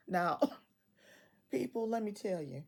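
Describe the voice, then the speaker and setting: A woman in her sixties, a retiree telling a story casually, animated and quoting others in dialogue, often laughing as she talks. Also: on the low side, a little slow, creaky, husky.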